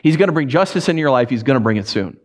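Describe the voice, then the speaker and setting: A man preaching a conversational livestreamed sermon as a pastor, often restarting phrases and moving from emphatic peaks to quiet, low stresses. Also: lively intonation, rapid-fire.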